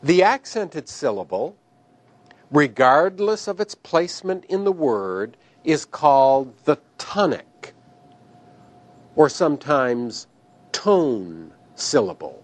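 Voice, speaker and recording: Slow, deliberate male grammar teacher. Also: fairly high pitch, very animated. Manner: slow and deliberate, careful pronunciation of terms. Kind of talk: recorded grammar lecture.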